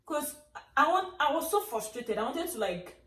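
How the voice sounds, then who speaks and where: A woman's voice: sits high, normal speed. A young Nigerian woman talks casually to camera, telling stories about life abroad and acting out what others said. Her voice sounds a little distant and bounces around a roomy space. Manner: chatty, animated storytelling with acted quotes. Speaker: vlogger. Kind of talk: casual chat.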